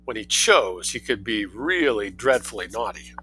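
A man reading a story aloud in a relaxed, lively way, doing voices for the characters. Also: lowish voice, moderate pace, faint music behind, poor audio.

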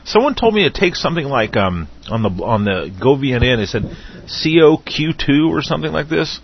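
Guy with a weak husky voice, low, rambling and tripping over words, muffled lo-fi line. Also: very animated, moderate pace. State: weak, recovering voice. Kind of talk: casual internet radio chat. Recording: dull lo-fi call audio.

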